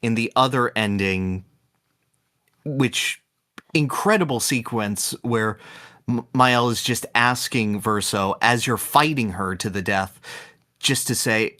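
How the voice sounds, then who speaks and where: A man co-hosting a podcast, slowly and dramatically retelling a game's ending in casual chat. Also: fairly low pitch, bright, forceful tone. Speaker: podcast co-host.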